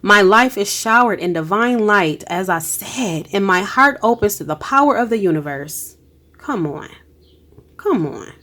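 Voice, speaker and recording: Unhurried and a bit bright, a woman's expressive medium-pitched voice carries a casual tarot-style energy reading. She comes across as emotional, giving emphatic encouragement with lots of exclamations and colloquial phrasing.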